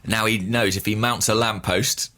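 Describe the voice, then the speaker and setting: A man, co-hosting a casual podcast and telling stories in a wry, deadpan way. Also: lowish voice, moderate pace. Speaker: podcast co-host. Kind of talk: casual chat.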